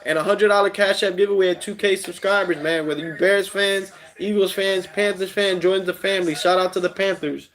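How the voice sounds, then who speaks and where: A man hosting a casual live stream, reading chat aloud in a relaxed way with many fillers. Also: high voice, brisk, hardly any pauses. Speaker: streamer host.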